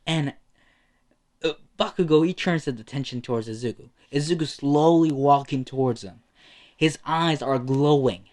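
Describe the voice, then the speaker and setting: A young man narrating a homemade fan story off the cuff. His pitch sits in the middle range, and he talks in a rambling, slangy way with many fillers. It sounds relaxed and unpolished. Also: normal speed.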